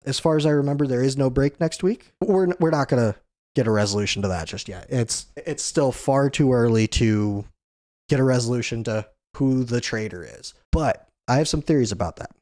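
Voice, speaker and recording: A man's voice: medium pitch, moderate pace, a little mellow, no room sound, clean studio sound. Man casually recapping a comic chapter. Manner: conversational, many "you know" fillers, briefly voices quoted characters. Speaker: manga discussion show host.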